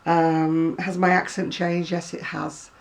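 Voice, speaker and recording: A woman's voice: fairly low pitch, little pitch movement, slow pace, gravelly. A middle-aged woman with a Manchester accent, chatting casually to camera and laughing often. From Northern England. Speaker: vlogger.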